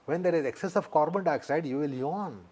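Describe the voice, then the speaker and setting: A man with an Indian English accent, a yoga teacher, explaining things deliberately in an interview and repeating his key points. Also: a little high, a little mellow.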